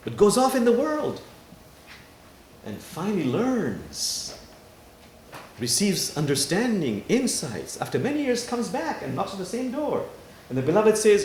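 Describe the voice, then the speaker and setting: A male imam preaches in a worship hall, telling stories with lively swings of pitch and pauses for effect. His voice sits somewhat high. The room is echoey, with faint ambience behind. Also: slight background noise. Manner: animated storytelling with dramatic pauses. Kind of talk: sermon.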